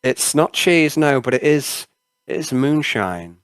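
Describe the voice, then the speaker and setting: A man's voice: mid-range voice, animated, measured pace, smooth, no room sound. A man narrating as game master of a tabletop role-playing game, rambling with frequent hesitations. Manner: rambling, many "uh" fillers.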